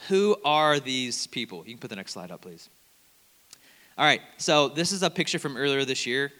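A man preaching a conversational sermon as a campus minister, telling stories in an animated way and quoting other people's words. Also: mid-range voice, moderate pace. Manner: conversational, animated storytelling with quoted voices. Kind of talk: sermon with storytelling. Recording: long hall reverb.

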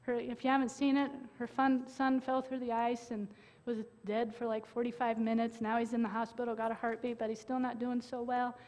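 Preaching in a high voice, a woman speaks earnestly with a level tone, letting dramatic pauses hang and then breaking into abrupt, loud outbursts.

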